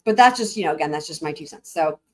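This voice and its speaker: A woman's voice: low-pitched, lively intonation, fast. A woman hosting a casual live stream, talking to her chat in a rambling way with many fillers. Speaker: livestream host.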